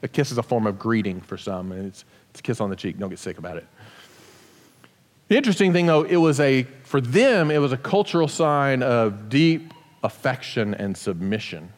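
A man's voice: medium pitch, expressive, normal speed. A man giving a casual sermon as pastor, explaining scripture with joking asides in a church sanctuary. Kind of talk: conversational sermon. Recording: long hall reverb.

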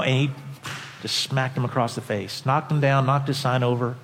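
A man's voice: medium pitch, brisk. Impassioned male preacher in a reverberant hall. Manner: impassioned, swings from quiet to loud. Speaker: pastor. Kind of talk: sermon.

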